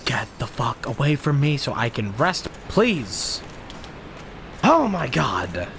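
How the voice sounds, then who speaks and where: A man's voice: mid-range voice, huge pitch swings, takes it slowly, a bit bright, a little hiss or hum. A man streaming a video game, ranting at enemies in a profane, exasperated way and sounding frustrated. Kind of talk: live gameplay commentary.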